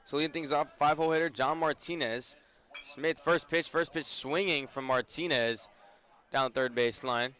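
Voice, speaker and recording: A young man doing brisk radio play-by-play of a baseball game, his voice rising on big plays. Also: on the high side, pushed and bright. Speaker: play-by-play announcer.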